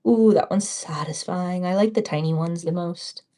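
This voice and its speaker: Chatty Texan woman, mellow voice. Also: on the low side, moderate pace. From Texas. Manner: chatty, playful, talks to herself and her stickers. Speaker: streamer. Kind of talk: casual live-stream chat while crafting.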